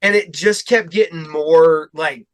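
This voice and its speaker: In a fairly high voice and at a slightly slow pace, a middle-aged podcast host tells a rambling story in casual conversation. He quotes both himself and other people as he goes.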